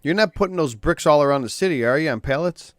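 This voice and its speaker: Chatty co-host, fairly high male voice, very lively pitch. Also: quick pace, dry recording, clean studio sound. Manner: friendly, joke-telling. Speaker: podcast co-host. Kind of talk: casual comedy podcast chat.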